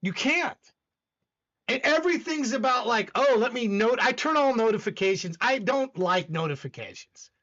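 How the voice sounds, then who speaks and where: Male host, intense and emphatic, high lively voice, lo-fi audio. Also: moderate pace. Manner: intense, emphatic, rambling with repeated restarts. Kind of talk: casual livestream chat.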